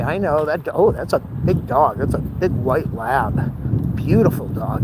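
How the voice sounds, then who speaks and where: A man's voice: fairly high pitch, expressive, a little slow. Breathless, joking man on a walk. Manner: breathless, self-mocking, playful asides. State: out of breath and sweating. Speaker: vlogger. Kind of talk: walking vlog, joking to camera. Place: outdoors on a city street. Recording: outdoor street noise.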